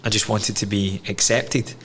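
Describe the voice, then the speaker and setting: A man with a Scottish accent talks things through in an earnest, reflective way, swearing casually as he goes. His voice sits low, and a faint hiss runs under the recording. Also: flat delivery, normal speed, fairly bright tone. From Scotland. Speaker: podcast guest. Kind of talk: candid conversation.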